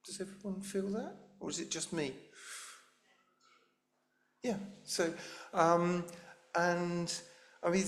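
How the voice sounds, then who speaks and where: A middle-aged woman giving a public lecture as a professor, in a conversational way that puts questions to the audience. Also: low voice. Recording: echoey lecture room.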